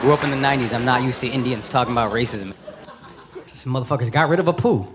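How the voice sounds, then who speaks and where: A brash, profane man in his thirties does stand-up on a comedy stage, his delivery mocking, his voice medium-pitched and fast. It's a live show recording, very noisy, with loud laughter from the audience.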